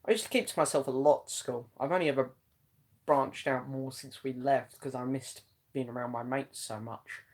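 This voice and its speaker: A young man hosts a relaxed live chat from home, answering viewers one by one. He meanders through his thoughts with frequent ums and restarts. His voice sits at an ordinary middle pitch. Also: normal speed. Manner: chatty and meandering, many ums. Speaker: live-stream host. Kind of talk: casual live chat reading comments.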